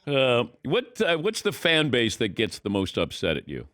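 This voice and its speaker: A man hosting a sports show, asking his guest questions in a relaxed, easy way. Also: medium pitch, moderate pace, dry recording, clean studio sound. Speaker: radio show host. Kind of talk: casual interview questions.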